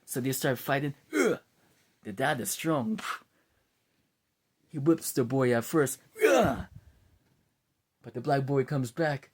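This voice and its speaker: A man's voice: medium pitch, a little slow, long pauses. A man casually retelling a dramatic story and acting out its scenes. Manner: animated, acts out scenes.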